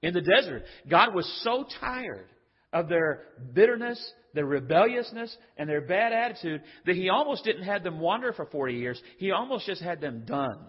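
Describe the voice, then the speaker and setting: Older preacher in an echoing hall. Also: male voice, high voice, sing-song, normal speed, breathy edge. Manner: conversational and joking, acts out quoted voices. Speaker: pastor. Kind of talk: sermon. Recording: dull lo-fi audio with long hall reverb.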